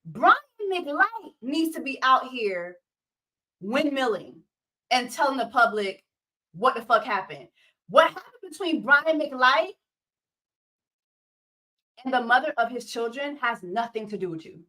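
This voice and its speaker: A woman hosting a casual livestream of reality-TV commentary, ranting in an animated, profane and incredulous way. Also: high-pitched, unhurried, pauses often. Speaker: host.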